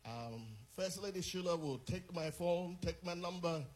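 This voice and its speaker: A man's voice: high-pitched, a little slow, a little mellow. A man preaching as a visiting bishop from overseas, leading a sermon and prayer with fervent, rhythmic delivery and repeated phrases.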